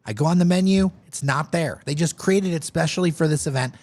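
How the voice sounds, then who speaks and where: A man's voice: a little high, fairly quick. A man co-hosting a casual podcast, telling food stories with enthusiasm. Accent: Detroit, Michigan. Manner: lively storyteller, enthusiastic. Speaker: podcast co-host. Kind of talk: casual chat.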